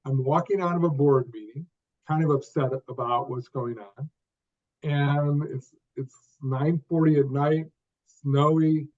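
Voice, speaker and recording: An older man from the United States, telling his own story as an interview guest in short phrases, with pauses and repeated starts. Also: fairly high pitch, a little mellow. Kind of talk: conversational storytelling. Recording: dull lo-fi sound.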